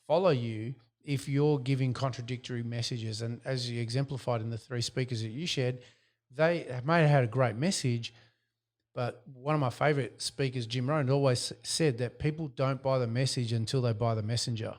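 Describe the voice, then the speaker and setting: A man co-hosting a podcast, speaking in a reflective, conversational way. He works through his points with personal stories and acts out quoted exchanges along the way. His pitch sits in an ordinary middle range. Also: normal speed. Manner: reflective, tells anecdotes with quoted dialogue. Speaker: podcast co-host. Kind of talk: casual business podcast chat.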